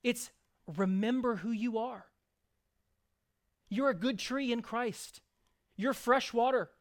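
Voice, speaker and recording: A man's voice: extremely high pitch, slow pace, long pauses. Earnest preaching man. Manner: earnest preaching with conversational asides and acted examples. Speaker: pastor. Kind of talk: sermon.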